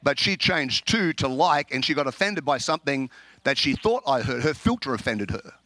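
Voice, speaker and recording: A man with an Australian accent preaching a humorous sermon, animated and laughing often, restarting his words as he tells stories. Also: medium pitch, moderate pace, no echo. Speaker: pastor.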